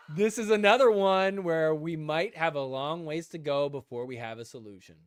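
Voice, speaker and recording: Male podcast host, casual live-stream chat, slightly high voice, dry close mic. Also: smooth, dry recording.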